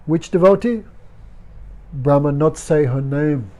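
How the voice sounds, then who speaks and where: A man's voice: a little high, moderate pace, mellow. A man teaching a devotional class, speaking simple, broken English and chanting verses. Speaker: spiritual teacher.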